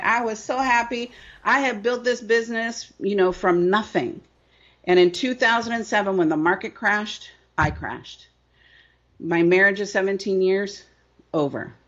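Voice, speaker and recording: A woman's voice: mid-range voice, lo-fi sound. A middle-aged woman business coach telling her story in an interview, emphatic and repetitive, often asking "right?".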